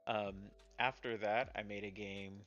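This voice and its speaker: A man's voice: lowish voice, fairly even intonation, unhurried, fairly bright tone, lo-fi sound, soft background music. A man casually talking about the small games he has made, rambling and self-deprecating with many fillers. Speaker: indie game developer and streamer. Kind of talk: casual chat showing his games.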